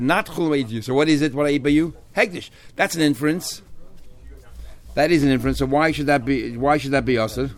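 A middle-aged man leads a Talmud class at a brisk clip, talking quickly and working through the text with animated rhetorical questions. His voice sits at an ordinary middle pitch, and he slips Hebrew and Aramaic terms into his explanations. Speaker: Talmud teacher.

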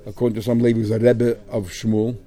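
A man's voice: lowish voice, little pitch movement, quick pace, dark tone. A man teaching a Talmud class, reading phrases in the original and then explaining them in English.

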